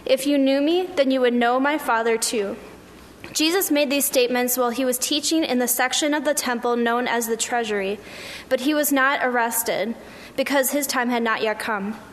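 Brief: woman, fairly high voice, steady scripture reading, long hall reverb, faint hiss. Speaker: scripture reader.

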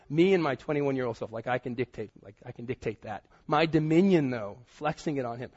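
In a muffled recording, a man in his thirties preaches as pastor, talking fast with few pauses, big pitch swings, and a medium-pitched, slightly mellow, breathy voice. He shares personal stories, acting out people's quotes.

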